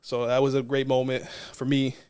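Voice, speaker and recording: A man's voice: mid-range voice, completely flat delivery, normal speed, darkish tone, smooth. A man, a non-profit co-founder, telling a personal story in a casual interview in an earnest, reflective way.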